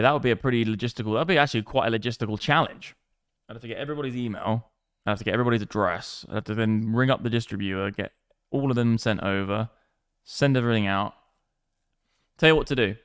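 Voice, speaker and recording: A man's voice: medium pitch, clear, resonant tone, dry recording, clean studio sound. A man hosting a live crypto trading stream, chatting with swearing, hyped banter. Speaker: livestream crypto trader.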